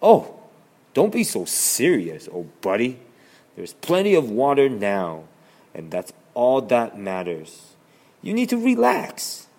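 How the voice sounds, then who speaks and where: A man's voice: mid-range voice, huge pitch swings, slow pace, a little mellow, heavily acted. A man doing a lazy carefree grasshopper. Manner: breezy, lazy, friendly. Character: lazy carefree male grasshopper, easygoing and laughing.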